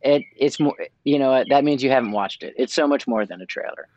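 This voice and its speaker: A man co-hosting a podcast in casual chat, excitedly rambling with frequent restarts. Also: mid-range voice, brisk, no room sound, muffled recording. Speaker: podcast co-host.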